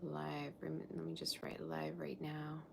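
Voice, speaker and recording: Low-pitched woman, casual live tarot reader, distracted and chatty, light background hiss. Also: fairly even intonation, measured pace, vocal fry, a little mellow. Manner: chatty, scattered, self-interrupting. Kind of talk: casual live-stream chat.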